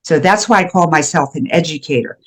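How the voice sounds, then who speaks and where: A woman's voice: deep voice, fairly quick. An older woman who is a guest educator, talking in an earnest, emphatic way with frequent restarts during a conversational interview. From USA. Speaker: guest, shame and guilt educator.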